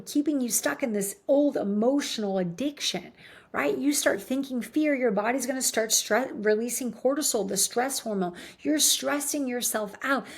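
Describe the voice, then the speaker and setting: Earnest, higher-voiced woman coaching. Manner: earnest, coaching, repeats "right?". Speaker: motivational speaker. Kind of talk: motivational talk to camera.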